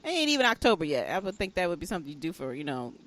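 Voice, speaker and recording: A woman's voice: lowish voice, big pitch swings, racing, a crowd in the background. A woman co-hosting a podcast in casual chat, teasing and emphatic, often ending a point with a check-in. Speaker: podcast co-host.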